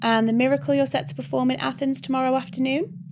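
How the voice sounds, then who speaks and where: A formal archangel, read by a woman gets straight to the point in a curt, businesslike manner. It is a storybook reading with a faint steady hiss behind. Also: high-pitched, quick pace, pitched above the performer's own voice. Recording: background hiss.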